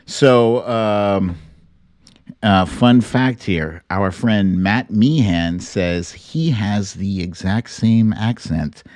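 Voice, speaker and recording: A man hosting a show with casual commentary, animated and joking, swearing now and then. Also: fairly low pitch, very slow, no room sound. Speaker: show host.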